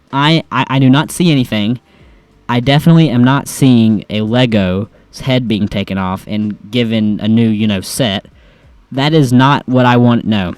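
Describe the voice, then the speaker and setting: A man's voice: medium pitch, no echo. A man rambling through casual comedy commentary as he reads posts aloud, joking about himself and stumbling over words. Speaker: reaction video host.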